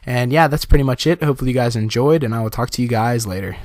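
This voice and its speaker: A young vlogger with a mid-range voice talks fast, casually sharing a personal story with his viewers. He's chatty, laughs often, and fills his speech with lots of fillers.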